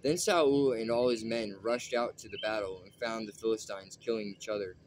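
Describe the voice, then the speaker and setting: A man reading scripture aloud at a steady pace, with a few small slips. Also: on the low side, normal speed, a little hiss or hum. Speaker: Bible reader.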